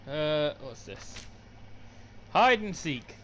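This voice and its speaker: A man's voice: on the high side, big pitch swings, very slow, fairly bright tone, slight background noise. A man hosting a let's play, reading in-game notes aloud and cracking sarcastic jokes as he goes. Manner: joking, sarcastic asides. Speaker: gaming channel host.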